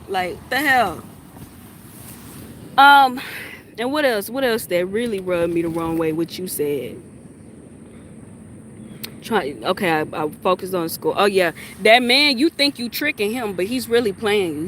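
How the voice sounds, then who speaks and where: A woman's voice: mid-range voice, sing-song, a little slow, long pauses, a bit bright. A woman in a heated, scolding rant to camera, repeating her points for emphasis. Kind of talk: ranting monologue to camera. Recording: faint street noise outdoors.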